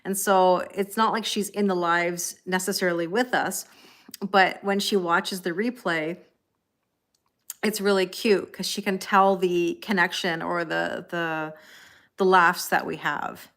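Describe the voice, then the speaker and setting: A woman's voice: lowish voice, steady tone, unhurried, fairly bright tone. A woman reading tarot on a casual live stream, chatting with viewers by name and laughing often. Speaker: tarot reader.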